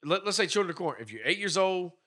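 A man's voice: high voice, expressive, quick pace, sharp tone. A man in casual, profane movie chat, joking and cursing freely. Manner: profane, joking, drawling asides.

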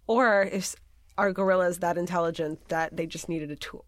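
A woman's voice: fairly low pitch, steady tone, normal speed, no echo, clean studio sound. A woman hosting a casual podcast, talking bluntly and enthusiastically with sarcastic asides and casual swearing. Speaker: podcast host. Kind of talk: casual chat.

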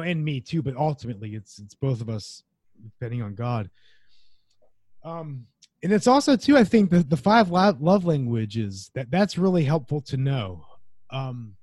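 A man's voice: medium pitch, darkish tone, no room sound. A man as a podcast guest, talking earnestly and reflectively in casual conversation, chuckling now and then.

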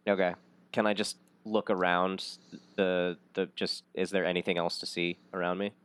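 Low, smooth-voiced excitable gamer guy. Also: moderate pace. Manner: excitable, swears, bursts out loud. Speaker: player. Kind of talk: casual tabletop play.

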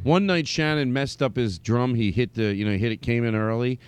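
A man hosting a comedy podcast, rambling through an improvised monologue and slipping between mock anger and silly falsetto singing. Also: moderate pace, faint music behind.

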